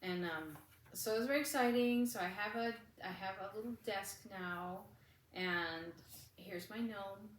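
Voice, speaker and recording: A woman's voice: medium pitch, unhurried, echoey room, distant mic, a little hiss or hum, poor audio. A woman co-hosting a casual craft chat, telling stories in a chatty way with frequent laughter. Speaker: podcast co-host.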